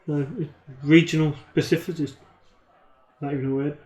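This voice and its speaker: A man's voice: a little high, level tone, a little fast, darkish tone. A man doing casual commentary on a card game, with teasing, dry banter. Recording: roomy echo.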